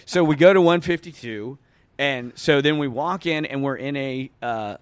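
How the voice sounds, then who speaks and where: A man in his thirties spins a rambling, animated story on a podcast, his voice sitting at a mid pitch. He stacks up fillers and restarts, then jumps into louder voices for the people he quotes. The sound is dry and close, with no room echo. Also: normal speed, clean tone. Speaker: podcast guest. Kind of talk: casual storytelling.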